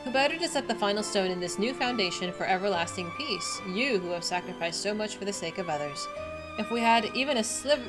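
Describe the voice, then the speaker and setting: A woman reading a solemn woman elder's quest dialogue aloud in a measured, formal way. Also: medium pitch, expressive, music in the background, close to an everyday voice.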